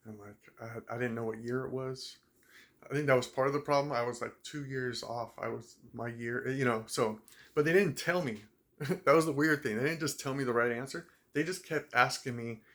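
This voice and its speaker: Young adult man, casual vlog storyteller, rambling delivery with laughs, mid-pitched voice. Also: fairly bright tone. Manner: rambling, laughs while telling, many fillers. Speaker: vlogger.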